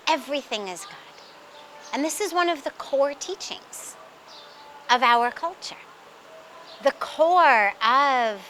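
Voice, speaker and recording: A woman spiritual teacher who tells a teaching story in a slow, deliberate, emphatic way. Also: high voice, a bit bright, a little hiss or hum.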